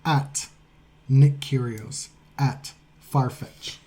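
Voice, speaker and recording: A man co-hosting a casual podcast chat, with a mid-pitched voice and a mellow tone. He retells stories and reads tweets aloud in a conversational way. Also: steady tone, very slow. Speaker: podcast co-host.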